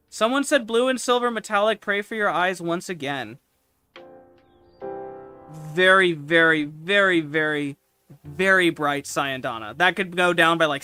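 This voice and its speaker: A man streaming casual commentary with a high, bright voice that swings widely in pitch. He is excitable and swears freely, breaking into loud outbursts. Faint music plays behind his dry, close sound. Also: no room sound.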